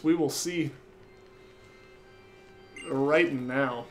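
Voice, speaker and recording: A man's voice: fairly high pitch, slow pace, long pauses, faint music behind. A young man streaming a game, reading his chat aloud and answering viewers in a casual way.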